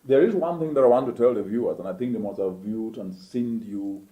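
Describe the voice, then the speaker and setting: A man's voice: on the low side, fairly quick, mellow, reverberant. A man hosting a motivational interview show, speaking emphatically and preachily, with rhetorical questions. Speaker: host.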